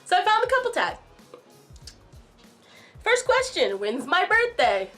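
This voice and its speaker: A woman's voice: very high voice, huge pitch swings, unhurried, fairly bright tone, soft background music. A woman in her twenties from the United States hosting a casual couple Q&A vlog outdoors, bubbly and teasing. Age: 20s. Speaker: YouTube host. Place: outdoors in sunlight.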